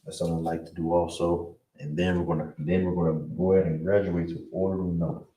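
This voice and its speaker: Low-voiced male teacher running an online class, far from the mic with steady background noise. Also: fast talker. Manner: repeats words, frequent "all right?". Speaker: language teacher.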